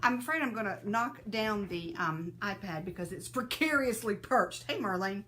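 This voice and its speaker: A woman's voice: mid-range voice, lively intonation, moderate pace, fairly bright tone, a little hiss or hum. A woman hosting a casual live stream, greeting viewers by name and laughing often, a little sneezy and teary-eyed.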